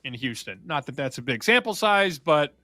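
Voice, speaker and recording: A man's voice: a little high, very animated, moderate pace, sharp tone, dry recording. A man co-hosting a sports betting show, upbeat and joking in casual talk.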